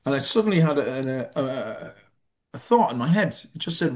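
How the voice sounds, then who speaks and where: Halting Irish man telling his story. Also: mid-range voice, expressive. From Ireland. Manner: reflective, halting, self-deprecating humor. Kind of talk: personal story in conversation. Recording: slightly dull lo-fi sound.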